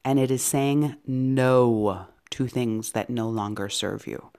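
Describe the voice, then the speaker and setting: A woman hosting an inspirational podcast, talking in an encouraging way and often dropping into soft, whispery asides. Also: rumbling low, takes it slowly. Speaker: podcast host and psychic medium.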